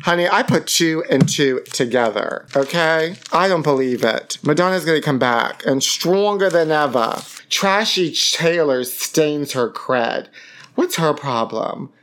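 A man's voice: fairly high pitch, lively intonation, unhurried, a bit bright. A man hosting a gossip podcast from his apartment, theatrical and camp, calling listeners honey. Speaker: podcast host. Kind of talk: campy gossip chat. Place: home apartment. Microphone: podcast microphone.

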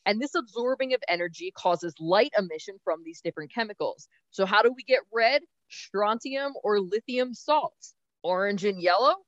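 A woman co-hosting a podcast, explaining science briskly in a casual, easygoing way. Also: a little high, dry recording, muffled recording. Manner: brisk, explanatory, laughs easily. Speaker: podcast co-host.

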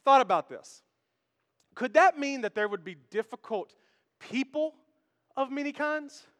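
A man preaching from a church stage with a very high, bright voice. He keeps it playful and conversational, joking with the congregation. The sound rings out with the long reverb of a big hall. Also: expressive, a little slow. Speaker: pastor. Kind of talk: sermon.

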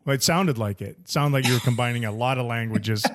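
A man's voice: medium pitch, quick pace. A man co-hosting a sports podcast, chatting casually and playfully with frequent repeated words. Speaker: podcast co-host. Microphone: studio headphones and mic.

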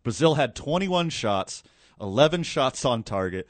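Excitable man recapping a match. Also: medium pitch, no echo. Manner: animated, excitable storytelling with quick asides. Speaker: co-host. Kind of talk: casual sports chat.

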